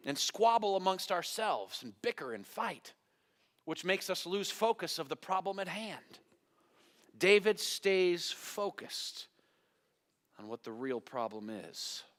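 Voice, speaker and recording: Long church hall reverb fills this recording of a pastor in the sanctuary, whose voice is fairly high and a bit bright. He preaches a sermon by telling a Bible story dramatically, acting out the biblical voices and asking the congregation questions.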